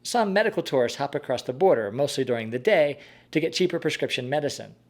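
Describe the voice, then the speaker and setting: A man calmly narrating a scripted personal story in a measured way. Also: mid-range voice. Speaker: host.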